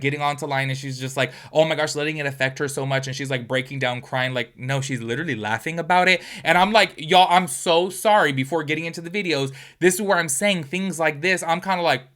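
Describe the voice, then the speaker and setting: A man hosting a reaction video, talking in a casual, gossipy way with lots of "like" and "y'all". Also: medium pitch. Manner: animated, chatty, full of "like" and "y'all".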